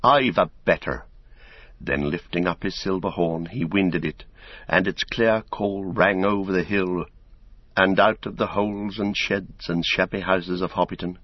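A man narrating an audiobook in a steady, measured reading. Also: deep voice, slightly rough, no echo. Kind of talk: scripted narration. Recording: dull, dry recording.

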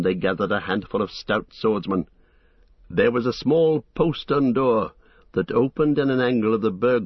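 A man narrating an epic fantasy audiobook in a measured, dramatic storytelling manner. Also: on the low side, no room sound, dull audio.

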